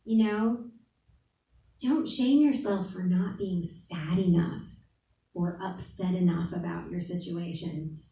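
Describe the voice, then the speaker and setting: A woman's voice: on the low side, slow, vocal fry, warm tone. A woman giving a candid, casual talk at a spiritual center, laughing often and saying "like" a lot. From New Orleans. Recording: echoey room, voice from far off.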